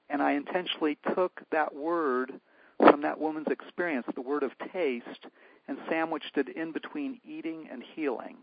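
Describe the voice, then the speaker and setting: A man's voice: a little high, creaky, slight background noise. An older male physician telling a story from his practice, candidly acting out both sides of the dialogue. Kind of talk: anecdotal storytelling. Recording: dull lo-fi dry recording.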